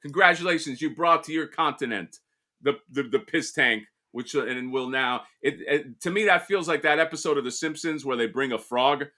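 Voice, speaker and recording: Excitable bright-voiced male co-host. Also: on the high side, moderate pace. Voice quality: excitable, swears, laughs often. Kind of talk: casual podcast chat.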